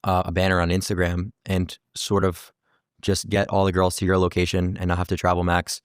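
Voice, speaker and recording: A man talking casually and easily in a very deep voice, with many fillers. The recording is dry and close, with no room sound. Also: monotone, fairly quick, clear, resonant tone, no echo. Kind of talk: casual talk.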